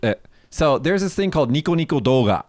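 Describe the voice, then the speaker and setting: Young guy cohost, lively up and down voice, dry sound, explains stuff at length. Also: a little high, fast talker, no echo. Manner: explains at length, asks follow-up questions. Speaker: co-host. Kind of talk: casual chat explaining Japanese slang.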